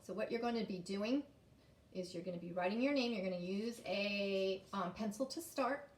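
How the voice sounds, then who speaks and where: A woman's voice: medium pitch, moderate pace, roomy sound, recorded from a distance. A woman teacher reading a story aloud and guiding young children through a lesson in an encouraging way.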